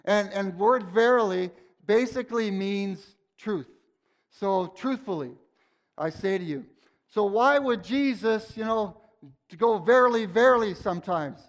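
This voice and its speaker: A man's voice: high voice, a little slow. A man preaching a sermon in a church, praying and teaching with fervent, emphatic repetition. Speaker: pastor. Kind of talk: sermon with prayer. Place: church sanctuary.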